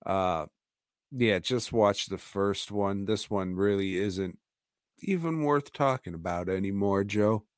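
A man's voice: lowish voice, slow, no echo, studio quality. A man co-hosting a podcast, crude and sarcastic, swearing through a casual movie chat. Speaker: podcast co-host.

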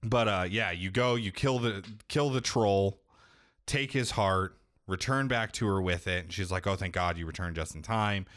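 A man's voice: low voice, normal speed, fairly bright tone, dry recording, studio quality. A man in casual chat, rambling and swearing as he recaps a video game's story, now and then acting out characters' lines. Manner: rambling, profane, acts out quoted lines. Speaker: podcast co-host recapping a game.

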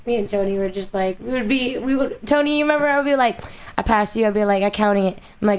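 Raspy woman chatting on a talk show. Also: medium pitch, steady tone, fast talker, dull audio. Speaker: guest, adult performer. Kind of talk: casual chat.

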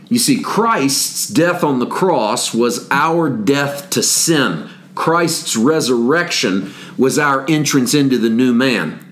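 A man preaching a teaching sermon in a conversational way, building his points through repeated short phrases. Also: medium pitch. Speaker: pastor.

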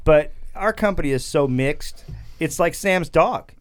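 Giggly man with a slightly high voice. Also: expressive, a little slow, heavy background noise. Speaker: co-host, business owner. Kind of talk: casual chat.

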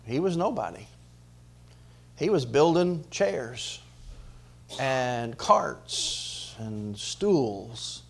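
A man preaching a sermon to his congregation, swinging between loud emphatic rises and quiet drops, often asking the church questions. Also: mid-range voice. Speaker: pastor.

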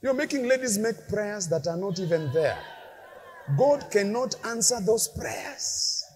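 Animated preaching man. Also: high voice, measured pace. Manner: animated, shouting peaks, playful asides to congregation. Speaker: pastor. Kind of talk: lively sermon. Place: large church hall. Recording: long hall reverb from a church.

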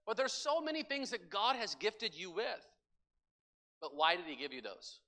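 A man's voice: high voice, normal speed. A middle-aged male pastor preaching a sermon, telling stories animatedly and speaking straight to the congregation. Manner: animated storytelling preacher, acts out voices and asides to the congregation. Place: church sanctuary. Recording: long church hall reverb.

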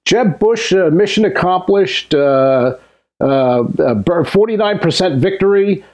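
A man's voice: high voice, expressive, a little slow, darkish tone. A man co-hosting a comedy talk show, joking and hesitating with many ums. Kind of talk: casual comedic banter.

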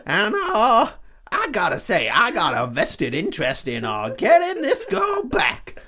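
A hammy southern villain with a slow, stretched cartoon drawl that leaps up high and loud, as a man puts him on. He sounds over the top and gloating, every word dragged out. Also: huge pitch swings, noisy background, exaggerated voice.

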